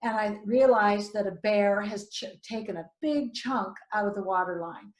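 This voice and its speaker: Woman, middle-aged, co-host, animated storyteller, quotes herself, roomy echoey sound. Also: medium pitch, normal speed. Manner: animated, self-quoting, restarts mid-sentence. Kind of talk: personal storytelling. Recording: roomy echo.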